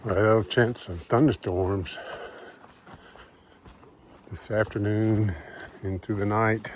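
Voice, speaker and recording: A man narrates his hike into a handheld camera. He rambles and chuckles to himself as he walks along the trail. Outdoor noise sits clearly behind him. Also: fairly low pitch, fairly even intonation, slow. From American South. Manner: rambling, chuckling, talks to himself while walking. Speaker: thru-hiker vlogger. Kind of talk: casual trail vlog narration. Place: outdoors on a mountain hiking trail.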